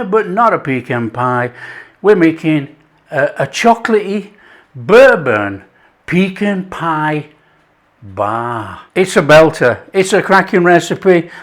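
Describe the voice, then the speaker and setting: A man's voice: high-pitched, fairly bright tone. A man hosting a cooking show, talking through a recipe in jokey, chatty patter. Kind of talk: casual cooking demonstration.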